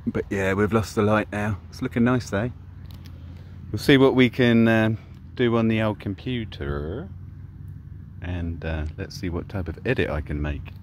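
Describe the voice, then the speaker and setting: Walking by a river, an Englishman casually talks through his vlog about flying drones, his fairly low voice keeping a measured pace. He speaks into a camera mic that is open to the wind, and there's a little background noise.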